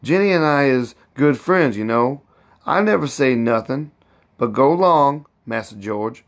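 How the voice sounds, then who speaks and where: A man voicing an elderly woman cook who is proud and bossy, speaking in heavy old Southern dialect and scolding as she talks. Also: expressive. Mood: gossiping. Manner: raised pitch, drawn-out words.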